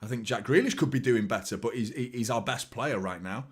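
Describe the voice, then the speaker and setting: A man hosting a football watchalong, chatting casually and reacting live to the game, jumping between excited outbursts and low muttered asides. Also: fairly quick, husky. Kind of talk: live match commentary and chat.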